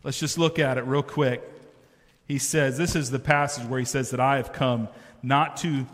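A man's voice: mid-range voice, steady tone, moderate pace. A man preaching a sermon as pastor, talking to the congregation in an emphatic, conversational way that builds in intensity. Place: church sanctuary. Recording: reverberant church hall.

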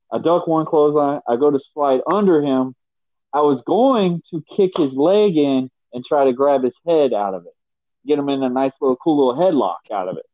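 A man hosting a casual podcast, telling stories with lively quoted voices. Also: medium pitch, no room sound. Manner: animated storyteller, voices others in quotes. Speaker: podcast host. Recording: dry, dull lo-fi sound.

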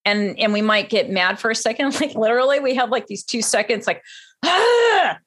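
A woman guest talking earnestly in a relaxed conversation. Her voice sits a little higher than most, and she acts out the words she says to her partner. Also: fast talker. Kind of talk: casual conversation.

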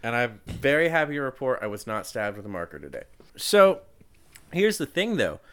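A man co-hosting a casual movie review chat, relaxed and wryly teasing. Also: mid-range voice, normal speed. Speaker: podcast co-host.

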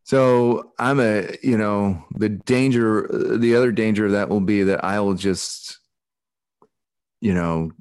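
A man's voice: on the low side, slow pace, darkish tone, clear, resonant tone, no room sound, clean studio sound. A man from Alaska with a Pacific Northwest accent, hosting a podcast over a video call in a rambling, casual way, with lots of restarts. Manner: rambling, with many restarts and easy laughs. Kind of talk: casual chat.

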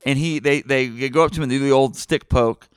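A middle-aged man hosting a podcast, retelling a movie plot in a rambling, excitable way with many fillers and restarts. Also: mid-range voice, brisk, smooth, no echo, studio quality. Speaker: podcast host. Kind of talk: casual movie podcast chat.

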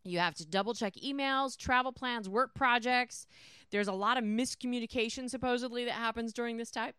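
A woman's voice: a little high, fairly quick, a bit bright, smooth, no room sound, clean studio sound. A woman co-hosting a podcast, explaining topics in casual banter and laughing along. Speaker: podcast co-host. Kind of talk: casual talk-show banter.

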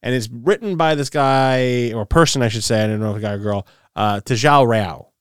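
A man's voice: mid-range voice, fairly quick, smooth, no room sound, studio quality. A man co-hosting a podcast in casual chat, rambling and stumbling over repeated words as he gathers his thoughts. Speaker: podcast co-host.

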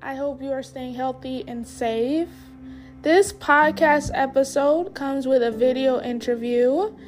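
A woman's voice: high voice, a little slow, soft background music. A woman hosting a podcast interview, friendly and polite, asking questions with a few ums. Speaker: podcast host.

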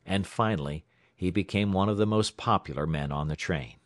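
A man from the United States narrating a story aloud in a dramatic, expressive way. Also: sits low, normal speed, dry recording, clean studio sound. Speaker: audiobook narrator. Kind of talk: scripted narration.

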